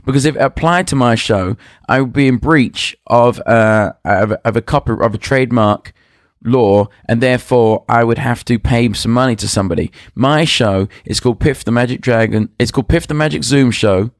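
A man guesting on a casual podcast, telling a long story in a rambling, hesitant way, full of pauses and restarts. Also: medium pitch, no room sound, studio quality. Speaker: guest magician.

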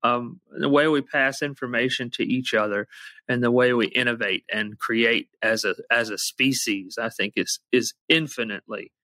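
A man's voice: mid-range voice, fairly even intonation, normal speed, bright, forceful tone, no echo. A man musician as a podcast guest, talking in a wry, reflective, joking way. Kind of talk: casual podcast conversation.

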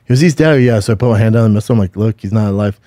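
A man's voice: fairly low pitch, little pitch movement, rapid-fire, mellow, no echo, clean studio sound. A middle-aged man co-hosting a podcast, telling stories in a rambling, profane, casual way with lots of restarts. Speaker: podcast co-host. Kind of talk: casual chat.

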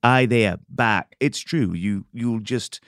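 A man playing Santa Claus as a podcast guest, telling deadpan tall tales with playful asides. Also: on the low side, takes it slowly, no room sound, studio quality. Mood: joking. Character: jolly male Santa Claus, joking and tall-tale telling. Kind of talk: comedic in-character interview. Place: studio.

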